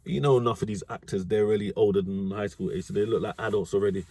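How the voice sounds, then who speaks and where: A man's voice: lowish voice, fairly even intonation, fast talker, dark tone, husky, dry recording. Slangy man, dry close sound. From United Kingdom. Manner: rambling, slangy, often corrects himself. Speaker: dating advice vlogger. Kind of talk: casual storytelling monologue.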